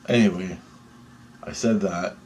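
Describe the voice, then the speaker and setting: A man telling a dream story in an excitable, rambling way, swearing often and restarting sentences. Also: low voice, a little slow, slight background noise.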